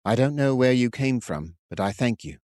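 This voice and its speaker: A man's voice: medium pitch, animated, normal speed, a little mellow, no room sound, clean studio sound, close to an everyday voice. A man voicing a humble, unsure young male leader who speaks plainly and earnestly. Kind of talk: audiobook character voice.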